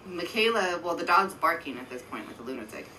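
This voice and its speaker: A woman's voice: fairly low pitch, sing-song, a little fast, sharp tone, slight background noise, low-quality recording. A woman in her thirties, co-hosting a podcast, telling a long story in casual, profane chat. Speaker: podcast co-host.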